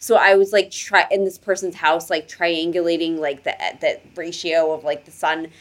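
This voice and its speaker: A woman's voice: on the low side, flat delivery, normal speed. A woman co-hosting a podcast, telling stories in casual chat and laughing often. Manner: chatty storytelling, laughs often. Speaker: podcast co-host.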